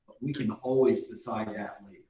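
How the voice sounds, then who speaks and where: A man delivers a measured, plain-spoken finance report at a school board meeting. He sits well back from the microphone. The meeting room echoes and the sound is a little dull. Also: medium pitch, steady tone, dark tone, slight background noise. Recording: roomy, distant and dull.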